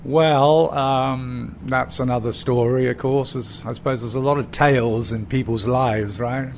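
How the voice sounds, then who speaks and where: Older English man, gravelly voice, rambling anecdotes with fillers, faint background noise. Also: mid-range voice, fairly even intonation, a little slow. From England. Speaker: cider company founder, guest. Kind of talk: storytelling in conversation. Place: bar of a small pub.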